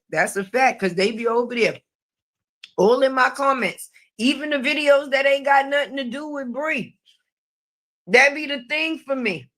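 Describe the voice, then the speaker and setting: A woman's voice: sits high, a bit bright. A middle-aged woman giving casual live-stream commentary, brash and profane, laughing often at her own jokes.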